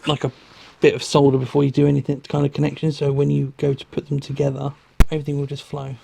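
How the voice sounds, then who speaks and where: A man's voice: medium pitch, completely flat delivery, fast talker, creaky, background noise. A man explaining motorbike wiring and soldering step by step. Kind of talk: instructional workshop talk.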